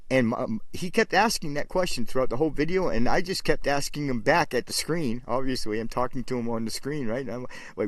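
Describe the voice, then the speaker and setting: A man hosts a casual livestream chat at a middling pitch. He talks in a rambling, opinionated way and keeps restarting his sentences. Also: expressive, brisk, hardly any pauses, no room sound. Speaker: livestream host.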